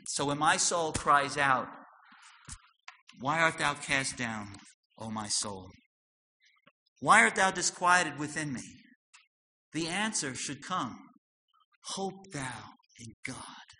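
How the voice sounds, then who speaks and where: Male preacher, fairly high, tense bright voice, loud-then-soft delivery, long hall echo. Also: animated, slow, pauses often. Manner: swings from loud emphatic lines to soft low asides. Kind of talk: sermon. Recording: long hall reverb with faint noise.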